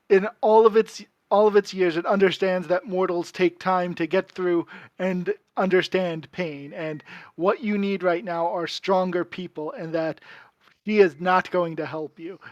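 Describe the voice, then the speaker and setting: A game master narrating a tabletop game in a relaxed way, with frequent fillers. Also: medium pitch, measured pace, no room sound, dull audio.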